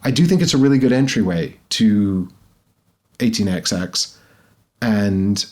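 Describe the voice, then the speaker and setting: A man co-hosting a podcast, giving relaxed opinions while thinking aloud. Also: mid-range voice. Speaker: podcast co-host. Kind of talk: casual chat.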